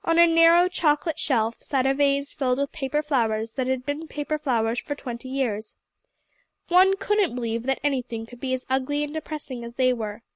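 A woman narrating a novel in a gentle, even storybook reading. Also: high voice, moderate pace, no echo. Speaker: audiobook reader. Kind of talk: scripted narration.

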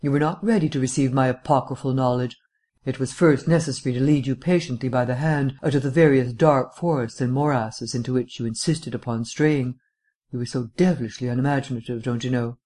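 A man voicing a languid, foppish gentleman detective with a drawling, affected upper-class wit. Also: medium pitch, steady tone, fairly quick, close to an everyday voice. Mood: airy drawl.

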